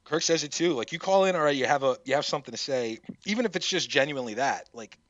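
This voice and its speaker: Bright-voiced man in casual podcast chat. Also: on the high side, fast talker, no room sound, lo-fi sound. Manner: animated, laughs often, swears casually. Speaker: guest prank caller.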